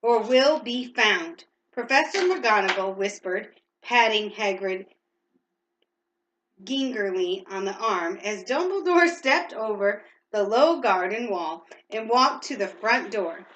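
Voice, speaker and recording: A woman's voice: medium pitch, expressive, slow pace, fairly bright tone, reverberant, poor audio. A woman reading a storybook aloud to a child at home, reading steadily and stopping now and then to ask questions.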